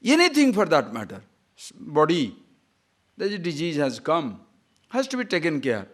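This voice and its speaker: A man teaches in a lively spiritual talk, his voice sitting a little high for a man and swinging up on emphatic questions. He breaks into stories and jokes, laughs at them himself, and now and then recites Sanskrit verses. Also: normal speed. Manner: animated storytelling, laughs at own jokes, rising emphatic questions.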